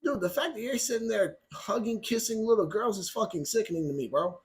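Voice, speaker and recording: A man's voice: sits high, lively intonation, a little fast. A man vlogging about firearms in heated, ranting commentary, blunt and profane. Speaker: gun channel vlogger.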